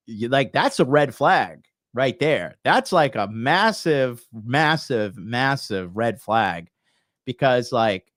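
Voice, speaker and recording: A man hosting a reaction commentary show, talking in a slangy, animated way with lots of swearing and laughing. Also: medium pitch, slow pace, no room sound, clean studio sound. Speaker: dating commentary host.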